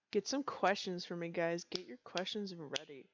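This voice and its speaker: A woman streaming casual chat, giggling and teasing herself often. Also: on the low side. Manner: giggly, self-deprecating, laughs often. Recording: dull, slightly lo-fi dry sound.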